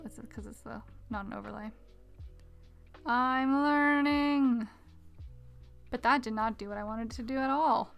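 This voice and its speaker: Woman doing a chill art stream, reads chat out loud, mumbles under her breath while working, pop filter mic. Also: a little high, vocal fry. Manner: chatty, reads chat aloud, mutters quietly to herself while working. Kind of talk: casual live-stream chat while drawing. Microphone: desk mic with pop filter.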